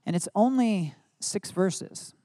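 A man's voice: high-pitched, animated, takes it slowly, mellow. A married man giving an earnest devotional Bible teaching, mixing reflection with spoken prayer declarations. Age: adult, married. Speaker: preacher.

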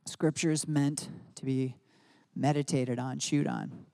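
Earnest man teaching, mellow voice. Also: medium pitch, fairly even intonation, measured pace, gravelly. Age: adult, married. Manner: earnest, reflective, with spoken prayer declarations. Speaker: preacher. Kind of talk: devotional Bible teaching.

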